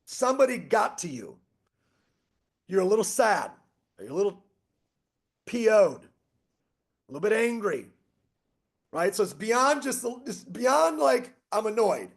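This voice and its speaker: A man's voice: high voice, big pitch swings, a little slow, vocal fry, long pauses. A middle-aged man presenting a motivational online strategy session, emphatic and repetitive as he rattles off lists. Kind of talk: motivational webinar talk.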